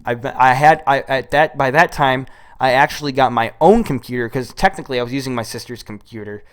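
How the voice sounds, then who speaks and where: A man's voice: mid-range voice, brisk, smooth. A man in his twenties from the United States, telling a rambling, profane story in a casual monologue, recorded on an old microphone. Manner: rambling, profane, animated retelling. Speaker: solo storyteller.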